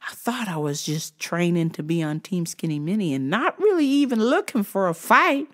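A woman's voice: lowish voice, moderate pace. A woman vlogger delivering a profane comedic rant, acting out dialogue as she tells a story. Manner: profane, animated, acts out dialogue.

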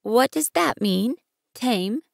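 A woman voicing a gentle, curious young boy prince in an audiobook, asking questions in a soft, wondering way. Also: on the high side, expressive, takes it slowly, creaky, dry recording, studio quality, pitched above the performer's own voice, full character voice. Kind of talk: audiobook reading.

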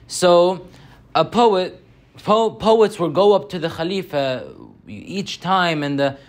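A young man giving a Friday sermon as a story, animated and slowing down on key points. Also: sits high.

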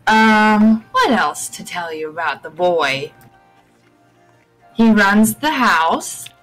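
A woman's voice: mid-range voice, animated, takes it slowly, a bit bright, faint music behind, poor audio. Rambling young woman on a live stream. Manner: chatty, rambling with many fillers and restarts. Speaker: guest. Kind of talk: casual chat on a live stream podcast.

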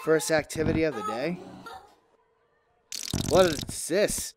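A man playing a VR game at home, giving casual, excitable commentary through a headset microphone. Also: a little high, slow pace. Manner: excitable, exclaiming, joking. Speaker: gaming video creator.

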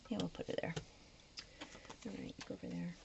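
A woman talks through her planner spread in a casual, rambling way, often dropping to a near-whisper as she works. Her voice is low and gravelly with a tired edge. The recording is dull and lo-fi, with a faint hiss behind her. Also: steady tone, fairly quick. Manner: chatty, often drops to a whisper while sticking stickers. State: voice starting to go. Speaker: planner vlogger. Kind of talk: casual plan-with-me chat.

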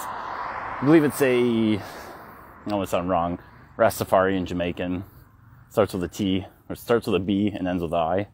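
A man's voice: lowish voice, slight background noise. A man vlogging while walking his dogs down a city street, telling a story frankly and with feeling, with swearing and restarts, into a phone he holds. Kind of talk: casual walk-and-talk vlog.

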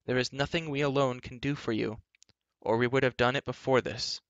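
A man's voice: medium pitch, fairly even intonation, brisk, a bit bright, no echo, close to an everyday voice. A man voicing an earnest young male hero who speaks urgently, in a storybook reading on a dull lo-fi recording.

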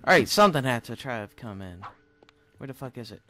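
A man giving let's play commentary on a horror game, jumpy and cursing loudly at the game. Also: medium pitch, big pitch swings, brisk. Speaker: gamer.

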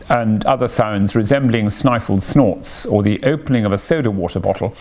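A man reading a classic novel aloud with expressive, animated storytelling. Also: fairly low pitch, normal speed, hardly any pauses. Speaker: reader.

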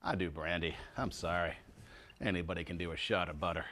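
A man's voice: deep voice, fairly even intonation, fairly quick, bright, forceful tone. A man hosting a casual home cooking show, chatting to viewers as he tastes and cooks. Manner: chatty, tasting food and talking to viewers as folks.

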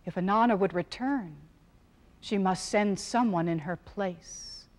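Woman doing the grim judges of the underworld, low slow decree. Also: lightly acted.

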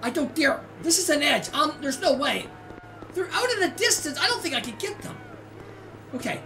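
A woman from Canada hosting a gaming channel, giving excitable let's-play commentary with squeals, shouts and laughter. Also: high voice, normal speed, soft background music. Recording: distant mic with loud game noise.

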